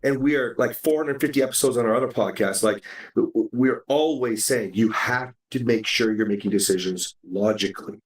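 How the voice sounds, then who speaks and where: Animated guy hosting a podcast, mic kinda far off, roomy echo, swears casually. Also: medium pitch, fairly quick. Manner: animated, acts out quoted dialogue, swears casually. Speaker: podcast host. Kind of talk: casual chat. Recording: roomy sound from a distance.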